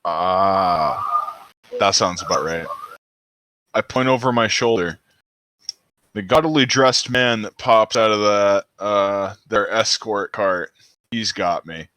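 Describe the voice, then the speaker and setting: A man's voice: on the low side, slow, long pauses, bright, forceful tone. A man playing a tabletop game with friends, bantering and laughing often. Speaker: player. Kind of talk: casual tabletop play. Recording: online voice chat.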